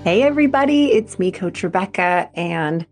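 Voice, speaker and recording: A woman's voice: lowish voice, animated, normal speed, faint music behind. A woman hosting a solo podcast as a mental performance coach, talking in a fired-up, emphatic and earnest way.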